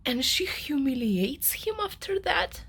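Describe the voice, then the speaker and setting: A woman's voice: sits high, sing-song, a little slow, a bit bright. A young woman vlogging about a novel she is reading, ranting with strong emotion and many fillers. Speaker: book vlogger. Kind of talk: casual reading vlog monologue.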